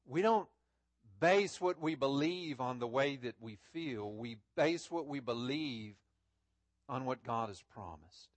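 A man preaching a Sunday sermon in church, often repeating words and rising to loud, stressed phrases. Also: mid-range voice, expressive, slow, no echo. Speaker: pastor. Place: church sanctuary.

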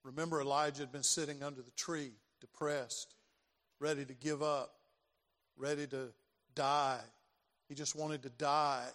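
A man's voice: a little high, level tone, unhurried, a bit bright. An older man preaching a sermon as pastor, dramatic and given to repeating his phrases. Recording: long reverb of a large hall.

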